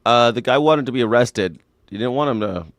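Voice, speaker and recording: A man's voice: medium pitch, a little fast, dry recording. A man hosting a live political call-in show, ranting sarcastically with profanity and mocking voices while reacting to chat. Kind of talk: comedic political rant with chat callouts.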